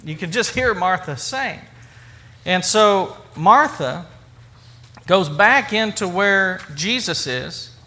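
A man's voice: sits high, lively intonation, takes it slowly, sharp tone. A man preaching a sermon in a conversational way, with repetition and rhetorical questions. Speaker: pastor.

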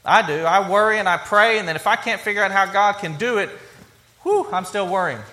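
A man's voice: high voice, brisk, noisy background. A man preaching a sermon in a conversational way, acting out quoted lines and often restarting his sentences. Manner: stumbling restarts and fillers. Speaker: pastor.

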